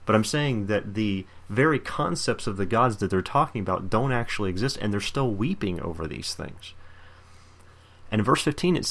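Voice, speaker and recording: A man preaching a fervent sermon, reading scripture slowly and commenting with emphatic repetition. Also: fairly low pitch, expressive, fairly bright tone. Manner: fervent, emphatic, repeats words.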